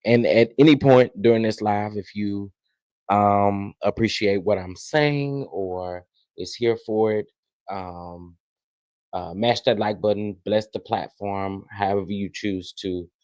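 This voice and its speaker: A man hosting a casual live stream, greeting chat viewers one by one and sounding irritated, with halting restarts. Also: on the low side, darkish tone, dry recording. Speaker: livestream host. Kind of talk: casual livestream commentary.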